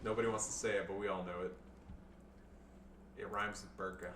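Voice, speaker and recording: A man with a bright, edgy voice talks through his own match in fast, jokey, foul-mouthed game commentary, swinging from calm calls into excited outbursts. He sits a little back from the mic in a roomy, echoing space, with a faint hiss under him. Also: low voice, recorded from a distance. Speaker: gameplay commentator.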